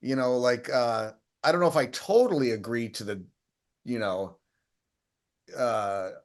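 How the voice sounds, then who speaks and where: A man's voice: mid-range voice, a little slow. A man co-hosting a casual chat, telling stories in a rambling way with many restarts. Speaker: co-host.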